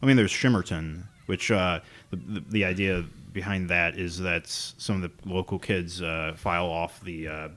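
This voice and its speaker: A man's voice: low-pitched, fairly even intonation, moderate pace, fairly bright tone. A man co-hosting a podcast in casual chat, telling rambling stories with chuckles. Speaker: podcast co-host.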